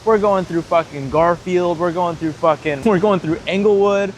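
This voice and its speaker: A man's voice: sits high, moderate pace, slight background noise. A young man telling a story in a casual, rambling way, swearing freely and saying "like" constantly. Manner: profane, rambling, heavy use of "like". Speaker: storytime vlogger.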